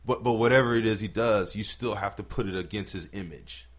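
A man's voice: on the low side, brisk. A man, a stand-up comedian, telling stories in casual podcast talk, swearing freely and acting out what people said. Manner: profane, animated storytelling with acted-out quotes.

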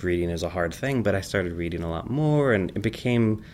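A man in his thirties chatting casually and rambling, telling family stories with animated, high-pitched quoted voices. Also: fairly quick, a little hiss or hum. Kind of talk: casual chat.

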